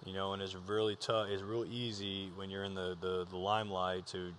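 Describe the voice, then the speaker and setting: A man's voice: low-pitched, level tone, moderate pace, a bit bright, slight background noise. A young man, a pro ballplayer, talking candidly and earnestly about his faith with many restarts. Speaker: professional baseball player, guest.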